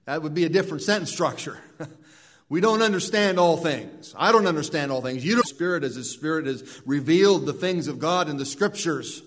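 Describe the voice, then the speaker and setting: A man delivers a sermon in an earnest preaching voice that sits a little high for a man. He often repeats words and restarts his phrases as he works through a point. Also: expressive, fairly quick, fairly bright tone. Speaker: pastor.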